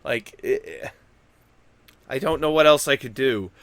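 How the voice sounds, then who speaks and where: Loud, goofy man with a bright voice. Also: medium pitch, a little fast, smooth, no echo. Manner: loud, animated, swings between quiet and loud; goofy, self-deprecating. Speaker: YouTube gaming news host. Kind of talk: casual rambling commentary to camera.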